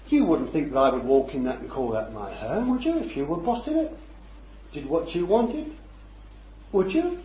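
Heard through a roomy, dull lo-fi recording, a man preaches at normal speed in a slightly high voice with big pitch swings. He keeps the sermon conversational, tossing in rhetorical questions and chuckles.

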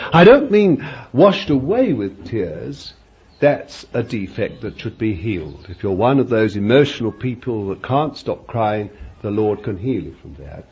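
A man's voice: medium pitch, darkish tone, breathy edge. An older man preaching a sermon, emphatic and chuckling often, repeating his phrases. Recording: dull lo-fi recording with faint background noise.

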